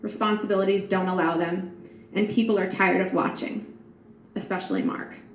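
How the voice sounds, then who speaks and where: Soft-spoken woman reading her journal. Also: mid-range voice, fairly even intonation, normal speed. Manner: soft, earnest and reflective. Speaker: grieving mother. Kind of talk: reading a personal prayer journal aloud. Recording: echoey room with faint background hiss.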